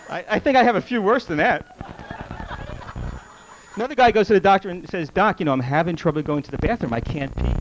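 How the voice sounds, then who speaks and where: Guy doing stand-up at a club, rattles off one-liners quick, kinda high voice, hissy old tape. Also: expressive. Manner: rapid one-liner delivery, quick voices for characters in the jokes. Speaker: stand-up comedian. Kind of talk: stand-up comedy set. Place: comedy club stage. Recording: noisy old club video recording.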